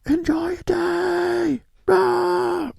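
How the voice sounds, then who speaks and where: A young man voicing a rambling middle-aged stranger who thinks the virus is fake, yelling in a loud, chummy way. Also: sits high, sing-song, normal speed, no echo, pitched above the performer's own voice.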